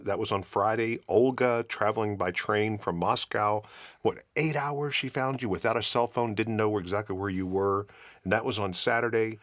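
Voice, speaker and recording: A man's voice: fairly low pitch, steady tone, moderate pace, fairly bright tone, no echo. A man hosting a podcast, asking playful, teasing questions and recapping the story. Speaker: podcast host. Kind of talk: interview host, casual chat.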